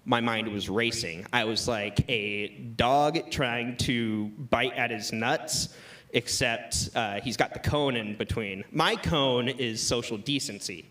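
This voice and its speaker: A man's voice: mid-range voice, slow pace, a bit bright. A man doing a live stand-up set on a club stage, telling a crude, self-mocking story and laughing at his own lines. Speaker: stand-up comedian.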